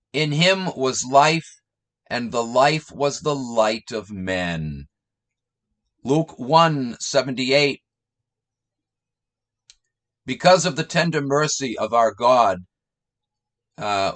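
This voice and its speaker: A man's voice: mid-range voice, a bit bright. A man who reads out scripture passages and then mocks them with sarcastic, scornful commentary. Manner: reads quotes aloud then jeers, slow drawn-out delivery. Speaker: online commentator. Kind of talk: reading and mocking scripture passages.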